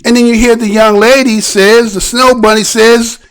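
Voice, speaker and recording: A man hosting a news commentary show, talking in an animated, preachy way and firing off rhetorical questions. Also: very high voice, moderate pace, clear, resonant tone. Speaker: show host.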